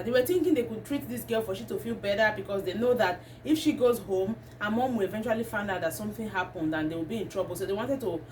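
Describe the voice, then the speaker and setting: A woman, talking to camera as a vlogger and ranting with indignation. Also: a little high. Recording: distant mic, faint background noise.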